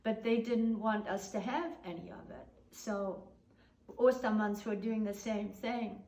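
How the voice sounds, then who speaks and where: Older woman, oral history teller, conversational with quiet trailing ends; roomy echoey recording. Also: medium pitch, fairly even intonation, unhurried. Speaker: storyteller. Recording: roomy echo.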